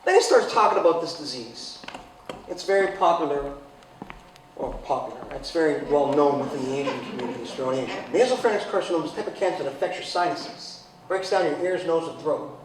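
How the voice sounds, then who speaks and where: A man in his forties giving a humorous personal talk, telling a story in a sarcastic way, with sudden loud exclamations. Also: on the high side, lively intonation, fast talker, few pauses, a crowd in the background. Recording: very echoey hall from far off.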